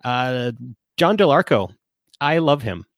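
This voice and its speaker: A man's voice: mid-range voice, big pitch swings, slow pace, dry recording, clean studio sound. A man hosting a casual live-stream chat show, rambling with lots of fillers and restarts.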